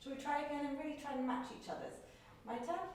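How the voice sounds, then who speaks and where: A woman's voice: high-pitched, fast talker, loud music behind the voice. A woman teaching a group violin lesson, cueing players in an upbeat, encouraging way. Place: teaching room. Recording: roomy, distant mic with violin playing.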